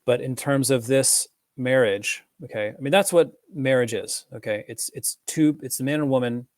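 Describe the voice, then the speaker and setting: A man's voice: mid-range voice, normal speed, no echo, studio quality. A man giving a casual, rambling film analysis, full of fillers and restarts. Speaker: film commentator.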